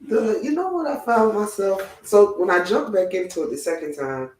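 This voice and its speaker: A man with a fairly high voice joins a casual book club talk, relaxed and full of local detail. He sits back from the mic, and the room around him rings. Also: normal speed, slight background noise. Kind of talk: casual group discussion. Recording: roomy sound from a distance.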